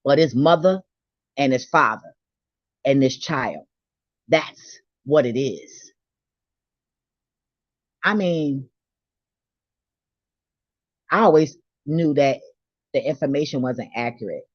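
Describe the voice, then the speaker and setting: A woman's voice: very deep voice, takes it slowly, long pauses, no echo, lo-fi sound. A woman delivering a blunt, profane, preachy rant on faith, confrontational and unfiltered, to her own channel. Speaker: vlogger. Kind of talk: ranting spiritual monologue.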